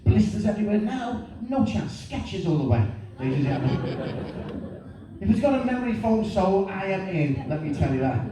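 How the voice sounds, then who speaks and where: A middle-aged man doing a lively, self-mocking stand-up comedy routine. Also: sits high, moderate pace. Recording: echoey room, distant mic, faint noise.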